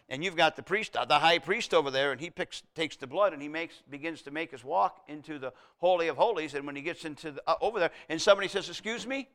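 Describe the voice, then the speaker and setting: A man preaching a sermon, asking the congregation rhetorical questions and swinging between loud emphatic peaks and hushed low passages.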